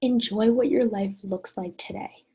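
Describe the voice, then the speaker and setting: A woman teaching an online lesson in a gentle, encouraging way, often putting questions to the listener. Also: mid-range voice, steady tone, moderate pace, slightly rough.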